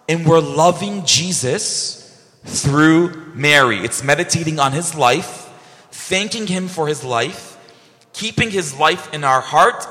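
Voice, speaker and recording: A male priest telling personal stories in a sermon, animatedly acting out remembered conversations. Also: on the high side. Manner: animated, acts out remembered dialogue. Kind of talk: sermon storytelling. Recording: long church reverb.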